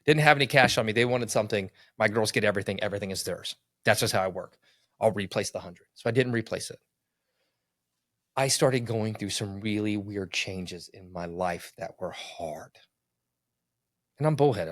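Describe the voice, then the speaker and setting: A middle-aged man telling a personal story in casual conversation, earnest and animated, acting out what people said. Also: fairly low pitch, moderate pace, no echo, clean studio sound. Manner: earnest, animated, acts out quotes.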